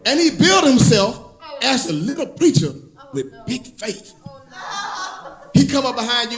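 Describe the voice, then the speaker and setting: A man performing stand-up on a club stage, his voice unusually high and swinging widely in pitch. He drawls through stories and shouts out the punchlines, and the room around him rings with echo and audience laughter. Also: lively intonation, fairly quick, pauses often, a loud crowd. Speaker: stand-up comedian. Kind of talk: stand-up comedy set.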